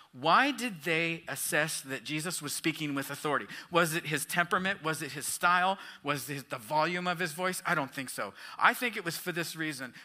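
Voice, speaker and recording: A man's voice: fairly high pitch, sharp tone. A man pastor preaching a sermon, reading scripture and asking questions of the congregation with emphatic rises and falls.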